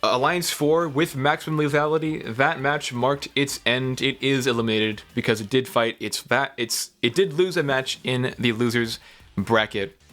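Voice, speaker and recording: Bright male play-by-play caller. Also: medium pitch, normal speed, faint music behind. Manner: calls the action in short bursts. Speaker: play-by-play commentator. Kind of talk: play-by-play game commentary.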